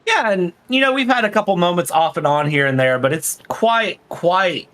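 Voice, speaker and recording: An American man co-commentating online sim racing. His voice sits fairly high and bright, and he keeps a laid-back, joking manner. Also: animated, moderate pace. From United States. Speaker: race co-commentator.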